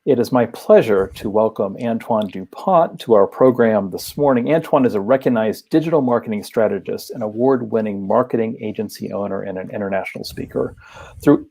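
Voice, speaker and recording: A man hosting a speaker series over a video call, giving a brisk, formal introduction of the guest. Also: lowish voice, gravelly, warm tone, slightly rough. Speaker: host. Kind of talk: event introduction.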